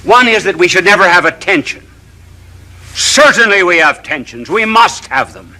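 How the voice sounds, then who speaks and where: A man's voice: high voice, very animated, normal speed, sharp tone, low-quality recording. A man, a bishop, giving a televised sermon in a studio, orating through long runs of rhetorical questions.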